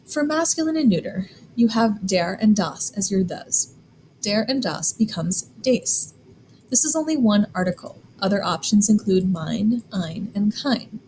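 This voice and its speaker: Woman, German teacher, clear and deliberate, mid-pitched voice, faint background noise. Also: animated, a little mellow, poor audio. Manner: clear, deliberate, spells out examples slowly. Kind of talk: scripted classroom explanation.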